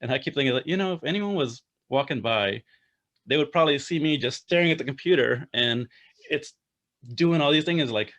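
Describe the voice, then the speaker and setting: A man's voice: medium pitch, fast talker, fairly bright tone. A man speaking as a podcast guest, chatty and casual, with a mid-range voice, often acting out small exchanges. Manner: chatty, acts out little exchanges. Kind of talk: casual chat.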